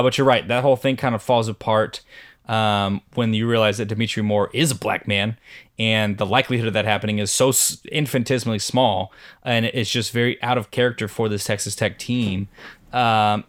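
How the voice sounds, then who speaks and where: A man's voice: fairly low pitch, moderate pace, fairly bright tone. A man co-hosting a casual sports podcast, thinking aloud in a hesitant way with many fillers. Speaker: podcast co-host.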